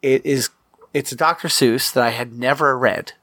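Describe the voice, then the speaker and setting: A man's voice: mid-range voice, normal speed, fairly bright tone, no room sound. A man playing in a tabletop game, his voice in an ordinary middle register. He chats loosely and laughs often. The sound is dry and close. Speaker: player. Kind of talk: casual tabletop play.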